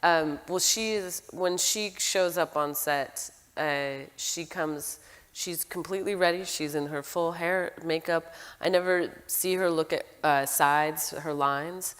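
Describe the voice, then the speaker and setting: Low-voiced woman, halting and enthusiastic. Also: a bit bright, clean tone, in a large hall. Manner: halting, many restarts, enthusiastic. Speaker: film director, interview guest. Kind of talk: casual interview talk.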